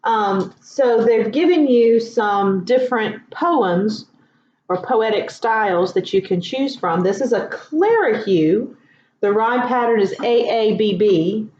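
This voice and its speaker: A woman teaching a writing lesson in a casual, relaxed way, with lots of ums and asides. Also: a little high, slow, slight background noise. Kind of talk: casual classroom instruction. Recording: echoey room, dull lo-fi sound.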